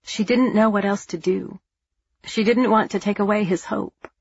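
Husky-voiced woman narrating a story. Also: medium pitch, dry recording, lo-fi sound. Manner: measured, expressive storytelling. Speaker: audiobook narrator. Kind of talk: scripted narration.

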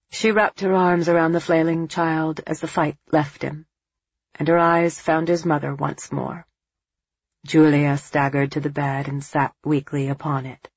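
A woman narrating an audiobook in a measured, dramatic way. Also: sits low, husky, dry recording, dull audio.

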